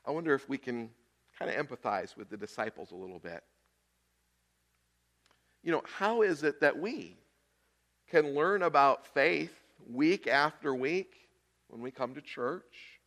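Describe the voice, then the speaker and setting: A man preaching a sermon, swinging between loud emphasis and hushed, quiet lines with long deliberate pauses. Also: medium pitch, sing-song. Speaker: pastor.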